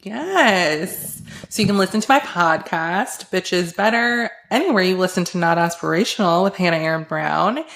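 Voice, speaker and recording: A woman guesting on a podcast in casual chat, animated and exasperated, laughing often. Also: on the low side, normal speed, gravelly.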